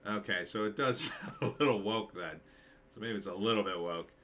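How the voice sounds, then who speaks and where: A man, a screenwriter, talks briskly through a movie trailer in a lowish voice with a bright, forceful tone. His commentary is casual and rambling, full of fillers as he thinks aloud.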